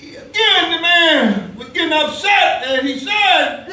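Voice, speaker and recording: A man delivers a sermon in a high, bright voice that swings widely in pitch. He preaches slowly and with force, shouting at his peaks while the congregation answers back. The sound is roomy and distant, picked up across a large church. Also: lively intonation. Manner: call-and-response preaching, rising to shouts. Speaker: pastor. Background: congregation calling back.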